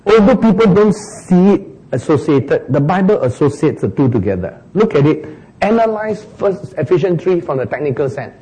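Man, preacher, sermon, animated, slightly high voice. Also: moderate pace, slightly rough, poor audio. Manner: animated, mimics crying sounds for humor.

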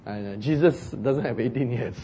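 A man preaching a sermon, telling a story with jokes, acted shouts and laughter. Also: medium pitch, moderate pace, a little hiss or hum.

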